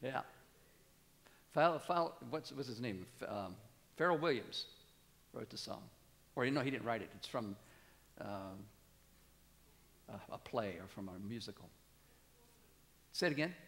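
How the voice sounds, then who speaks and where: A man's voice: measured pace, pauses often. Man in his sixties preaching in a reverberant church. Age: 60s. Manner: animated, rising to emphatic peaks then dropping low. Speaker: pastor. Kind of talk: sermon. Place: church sanctuary.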